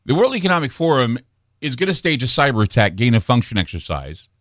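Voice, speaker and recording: A man hosting a late-night radio talk show, delivering a brooding, ominous monologue with dramatic pauses and restarts into a studio microphone. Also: medium pitch, sing-song, fairly bright tone, no room sound. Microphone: studio broadcast microphone.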